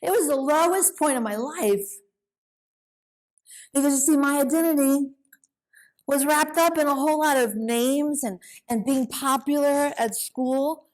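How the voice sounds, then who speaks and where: At a women's conference in a conference hall, a middle-aged woman gives a personal testimony of her faith, earnest and emotional. Her voice is high-pitched and a little mellow, and she speaks at a measured pace.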